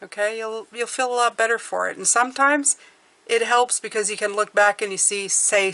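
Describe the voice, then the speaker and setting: A woman's voice: fairly high pitch, steady tone, moderate pace, pushed and bright. Chatty woman reading tarot cards. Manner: chatty, encouraging, thinks aloud while drawing cards. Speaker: numerology and tarot reader. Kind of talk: casual tarot reading to camera.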